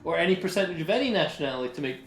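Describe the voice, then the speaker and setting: Teasing high-voiced podcast host man. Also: lively intonation, rapid-fire, fairly bright tone, roomy sound, poor audio. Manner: teasing, mock-formal questioning. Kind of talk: casual comedy chat.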